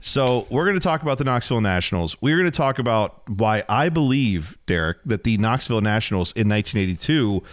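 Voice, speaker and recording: A man's voice: lowish voice, animated. Chatty man hosting a podcast. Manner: chatty, joking, quick asides. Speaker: podcast host. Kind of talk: casual podcast chat. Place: basement.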